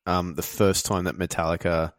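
A man's voice: sits low, normal speed, dry recording, clean studio sound. An Australian man co-hosting a podcast, telling stories in casual chat and laughing often. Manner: animated storyteller, laughs often. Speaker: podcast co-host.

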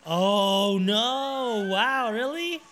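Excitable man chatting over a film. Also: sits high, extremely slow. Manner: animated, chatty, laughs often, talks back at the screen. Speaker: reaction video host. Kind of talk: casual reaction commentary.

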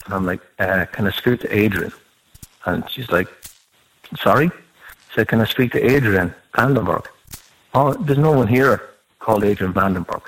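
A man's voice: lowish voice, normal speed, long pauses, poor audio. A man telling a rambling anecdote in a casual podcast chat, swearing freely as he goes. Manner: swears freely, animated storytelling.

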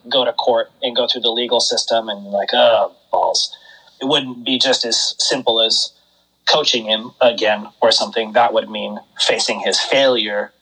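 A man's voice: mid-range voice, fairly bright tone, low-quality recording. A man co-hosting a podcast, musing over a comic in a rambling, thoughtful way with lots of fillers. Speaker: podcast co-host. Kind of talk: casual comic book discussion.

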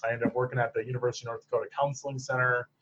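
A man's medium-pitched, slightly bright voice comes through very fast and flat as he, a psychologist guest from the Upper Peninsula of Michigan, recounts stories in a casual interview. Chatty and filler-heavy, he laughs at what he tells. The audio is dull and lo-fi.

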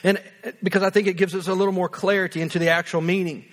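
This pastor, a man who sounds about thirty-something, has a notably high voice and a quick, level delivery. He speaks earnestly and conversationally to his congregation, repeating phrases to hammer his points home.

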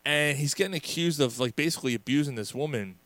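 A man co-hosting a casual sports podcast, telling stories in an animated, profane way with many restarts. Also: a little high, fast, no echo. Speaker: podcast co-host.

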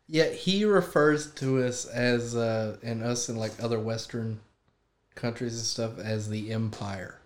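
A man guesting on a podcast, telling stories in an animated, joking, casual way. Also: medium pitch, a little slow. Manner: animated, jokey storyteller. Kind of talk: casual chat.

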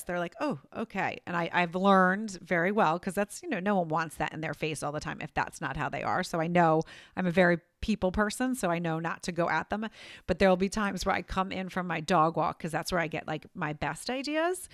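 Chatty woman podcast host, low voice. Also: no room sound, clean studio sound. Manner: chatty, animated storytelling. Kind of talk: casual interview chat.

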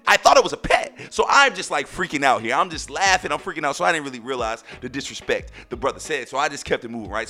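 Lively, bright-voiced male podcast host. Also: medium pitch. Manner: animated, exclaiming storyteller. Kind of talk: casual storytelling.

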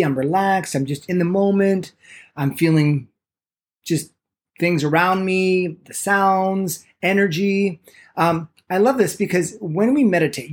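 A man leads a podcast lesson on meditation, full of enthusiasm and quick to pick up speed when excited. His pitch is lively, and he acts out the excuses people give.

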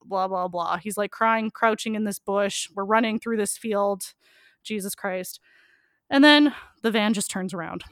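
A woman's voice: mid-range voice, measured pace, a bit bright, dry recording, clean studio sound. A young woman telling a frank story as a podcast guest, laughing often and saying "like" a lot. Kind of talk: casual storytelling.

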